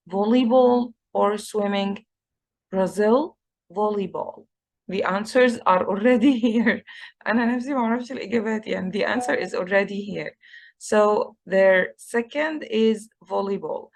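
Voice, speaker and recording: A woman with an Egyptian accent teaching an English class, slowly repeating words to drill pronunciation. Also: medium pitch, gravelly. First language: Egyptian Arabic. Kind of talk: online English lesson.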